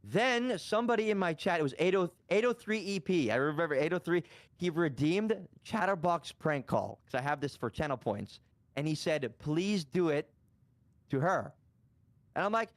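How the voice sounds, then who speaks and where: A man's voice: a little high, expressive, a little fast, no echo. A man telling a story in a casual chat, rambling with many restarts and casual swearing. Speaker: guest streamer.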